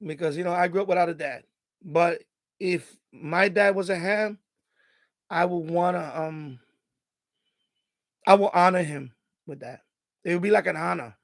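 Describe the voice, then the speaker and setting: A man's voice: sits high, unhurried, vocal fry, long pauses, dry recording. A middle-aged man hosting a live stream from home, talking emotionally and getting choked up, rambling with many restarts. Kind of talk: casual live stream chat.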